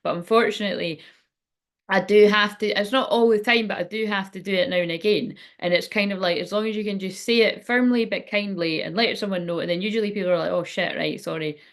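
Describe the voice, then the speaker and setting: A woman's voice: medium pitch, fast talker. A middle-aged woman giving a casual tarot reading, rambling and frank, swearing freely. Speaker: tarot reader. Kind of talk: casual spiritual reading chat.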